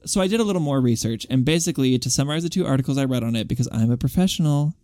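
A man's voice: medium pitch, rapid-fire, dry recording, studio quality. A man co-hosting a casual pop-culture podcast. He talks in a jokey, dramatic way and reads out a listener's letter. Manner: animated, jokey, dramatic asides. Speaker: podcast co-host.

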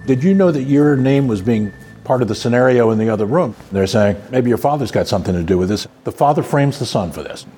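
A man in a news interview, an investigator speaking in a brisk, plainspoken way. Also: medium pitch, animated, warm tone, a little hiss or hum.

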